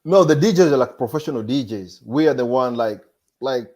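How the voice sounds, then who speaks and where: A man's voice: mid-range voice, animated, brisk. Hesitant man, DJ guest. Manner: hesitant, restarts sentences, soft-spoken. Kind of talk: casual interview chat.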